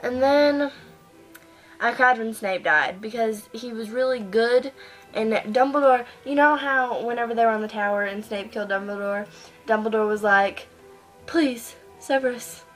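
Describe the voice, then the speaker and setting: A woman's voice: a little high, steady tone, moderate pace, faint music behind, low-quality recording. A teenage girl vlogging at her computer, gushing and rambling with lots of ums and likes. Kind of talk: casual chat. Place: at home in front of a computer.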